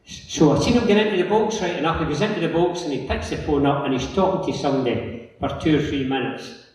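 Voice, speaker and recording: A Scottish man with a fairly high voice tells a long, rambling story to a conference audience. He acts out the other people's lines as he goes. He is picked up from a distance in a big hall with a long, echoing reverb. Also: fast talker, darkish tone. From Scotland. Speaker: local councillor giving a talk. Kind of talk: anecdotal conference talk. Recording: echoey hall from far off.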